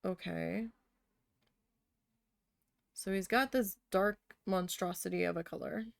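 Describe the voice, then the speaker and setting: This crafting vlogger has a gravelly, lowish voice and takes her time speaking. She needle felts during a casual chat, telling stories bluntly with plenty of swearing, and the audio has no echo.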